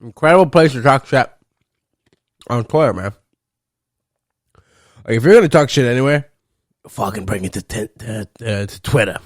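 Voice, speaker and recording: A man's voice: mid-range voice, lively intonation, normal speed, pauses often, no room sound. A young man rambles through a solo podcast, swearing freely and joking around. His voice sits in an ordinary middle register. The sound is dry and close, with no room around it. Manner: profane, rambling, playful with bursts of loud laughter. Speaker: podcast host. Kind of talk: casual solo podcast rant.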